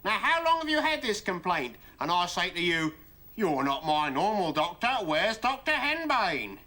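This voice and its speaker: A squeaky bewildered sketch man. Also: big pitch swings, normal speed, bright, forceful tone. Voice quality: silly high-pitched voice. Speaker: sketch comedy performer. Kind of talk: sketch comedy acting.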